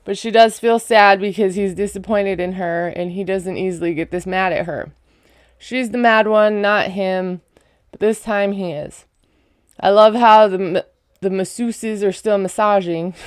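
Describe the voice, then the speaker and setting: A woman's voice: medium pitch, moderate pace, smooth, no room sound, studio quality. A woman giving a casual, chatty recap of a reality show, full of sarcastic asides.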